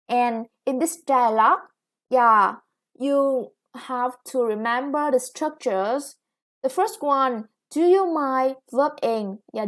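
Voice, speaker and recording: She's an English teacher with a Vietnamese accent and a high-pitched voice, patiently and slowly covering grammar in a recorded lesson. "Yeah" and "okay" come up again and again.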